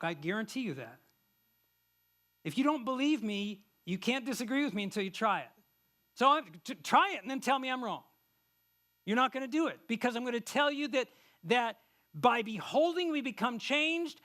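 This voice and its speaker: A middle-aged male pastor preaching a conversational sermon, acting out quick little everyday dialogues. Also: very high-pitched, pushed and bright.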